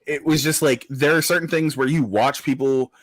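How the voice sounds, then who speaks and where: A man chatting loosely on a podcast, wandering through his thoughts with plenty of "like" and "um" and the odd curse. His voice sits at a middle pitch and is recorded close and dry. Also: steady tone, moderate pace, no echo. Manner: rambling, swears, many fillers and restarts. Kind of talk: casual chat.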